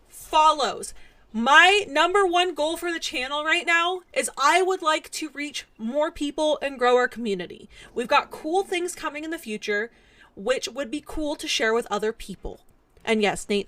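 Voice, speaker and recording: Young female streamer, high-pitched and hoarse, ranting at chat in exasperated mock anger. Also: pushed and bright, no room sound. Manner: mock-angry, exasperated, laughing rants at chat. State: hoarse, voice cracking from yelling. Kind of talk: casual live-stream chat with viewers.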